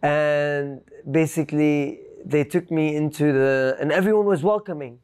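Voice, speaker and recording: A man appearing as a podcast guest tells a story casually, animated and rambling, laughing often and leaning on "like" and "you know." His voice is smooth and on the high side, at a measured pace.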